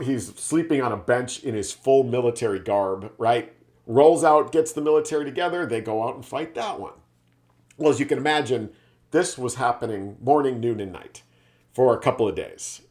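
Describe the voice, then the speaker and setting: A man, a sales leadership speaker, telling a business parable in a casual storytelling style, often adding tag questions. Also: mid-range voice. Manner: chatty, frequent tag questions.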